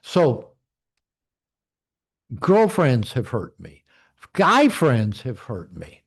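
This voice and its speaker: A man's voice: medium pitch, huge pitch swings, extremely slow, vocal fry, slightly rough. A man in his sixties, a men's coach giving a candid, reflective personal talk to an online group. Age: 60s. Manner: earnest, reflective, candid storytelling. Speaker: men's coach and community leader.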